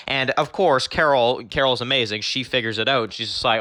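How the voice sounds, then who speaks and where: A man's voice: mid-range voice, brisk, hardly any pauses, bright, forceful tone. A man reviewing a TV show, casually recapping his rewrite of an episode and full of fillers. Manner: rambling, many fillers like basically and you know.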